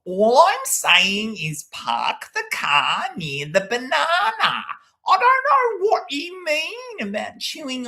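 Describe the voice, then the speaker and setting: A man putting on an exaggerated, shrill mock Australian accent with slow, drawn-out, cracking words. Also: vocal fry, sharp tone, full character voice.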